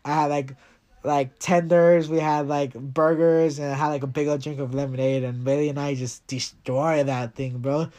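Young male podcast host, slightly high voice, laid-back rambling chat. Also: steady tone, moderate pace, darkish tone. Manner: laid-back, joking, lots of fillers. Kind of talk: casual chat.

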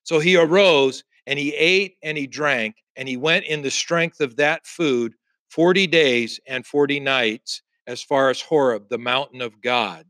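A man's voice: medium pitch, unhurried, sharp tone, no echo. A male pastor preaching a sermon, reading scripture aloud and building emphasis through repeated refrains.

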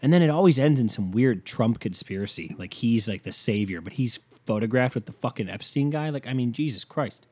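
A man's voice: mid-range voice, expressive, fairly quick, hardly any pauses, a little mellow, husky. A man hosting a podcast, ranting casually in a heated, sarcastic, profane way and rambling through stories with lots of filler words. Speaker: podcast host.

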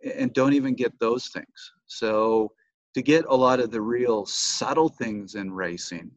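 Male podcast guest, coach type, steady explainer, mid-pitched, dry muffled remote audio. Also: no room sound. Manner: measured, explanatory storyteller. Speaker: cycling coach and former pro racer, podcast guest. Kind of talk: casual interview storytelling.

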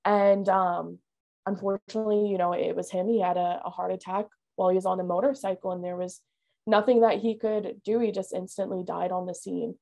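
A woman's voice: mid-range voice, steady tone, a little fast, creaky, warm tone. A woman, telling her life story as a podcast guest, candid and earnest with lots of "like" and "you know". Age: 20s. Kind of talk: personal storytelling interview.

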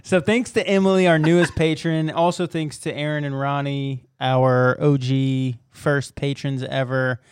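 A man co-hosting a casual podcast, upbeat and laughing often as he shouts out friends. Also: medium pitch, fairly even intonation, measured pace, hardly any pauses, clear, resonant tone, no echo. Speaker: podcast co-host. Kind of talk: casual chat. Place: temporary recording space with noise behind.

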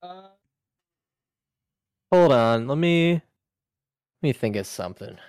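A man's voice: medium pitch, expressive, takes it slowly, darkish tone, clear, resonant tone. A man co-hosting a podcast in casual chat, laughing often and swearing playfully. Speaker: podcast co-host.

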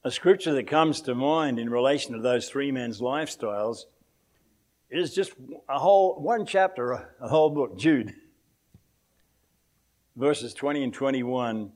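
A man's voice: mid-range voice, expressive, takes it slowly, pauses often, darkish tone. Older Australian man, accent worn down by years in the States, rambling church storyteller who chuckles a lot. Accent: Australian, softened by years in America. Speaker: preacher. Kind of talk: anecdotal sermon.

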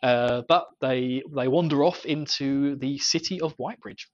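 A man's voice: medium pitch, normal speed, dry recording. A man hosting a podcast, chatting casually about a book and laughing often between his thoughts. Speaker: podcast host. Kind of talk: casual book discussion chat. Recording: slightly dull lo-fi audio.

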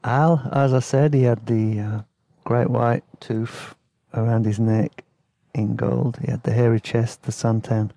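Gravelly laid-back male storyteller. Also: mid-range voice, level tone, unhurried, warm tone, no room sound. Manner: rambling and laughing, with fillers and slang. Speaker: podcast host telling travel stories. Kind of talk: casual storytelling.

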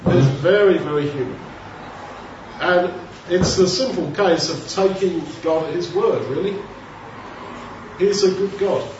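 A man's voice: sits high, a little slow, pauses often, slight background noise. A man preaching a sermon in a conversational way, asking rhetorical questions and acting out quoted voices. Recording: very echoey hall, distant mic, dull sound.

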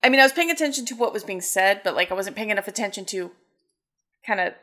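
A woman's voice: mid-range voice, animated, quick pace, bright, forceful tone. A woman in a mid-range voice tells a meandering story for a podcast. She thinks aloud and circles back on her words. The chat is loose and unscripted. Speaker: podcast co-host. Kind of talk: casual chat.

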